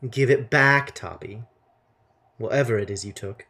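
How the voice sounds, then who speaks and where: A man reading as a dry, unimpressed explorer woman. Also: unhurried. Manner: low, quiet, dry delivery.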